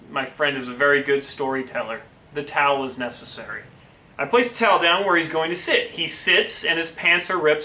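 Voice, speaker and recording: A man's voice: a little high, bright, forceful tone. Wry young man, echoey room. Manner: wry asides, chuckling, rambling tangents. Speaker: host reading a friend's story. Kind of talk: casual comedic storytelling. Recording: echoey room with faint noise.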